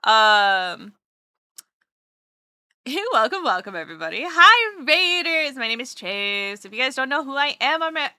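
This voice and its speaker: Bright, chatty woman streamer. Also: fairly high pitch, expressive, moderate pace, long pauses, clear, resonant tone, dry recording, clean studio sound. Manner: chatty, rambling and playful, greets chat warmly. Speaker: streamer and artist. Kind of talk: casual livestream chat while drawing.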